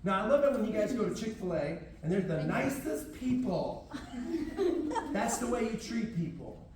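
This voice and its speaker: Firm, high-voiced martial arts instructor. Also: male voice, big pitch swings, moderate pace, background noise. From Houston, Texas. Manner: firm, commanding, drill-like. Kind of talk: teaching a class to kids and parents. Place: library room, echoey. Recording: echoey room, from far off.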